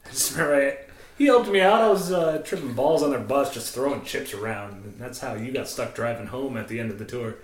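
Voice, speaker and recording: A man's voice: mid-range voice, fairly quick, reverberant. A man, a former strip club DJ, telling profane stories in casual podcast chat and laughing often. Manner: profane, laughing, acts out quoted voices.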